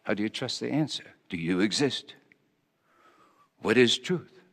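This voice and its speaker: A man's voice: lowish voice, lively intonation, measured pace, a bit bright, big-room sound. A man playing Pontius Pilate as a conflicted Roman governor, speaking a stammering, confessional monologue in character. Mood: brooding. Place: church hall.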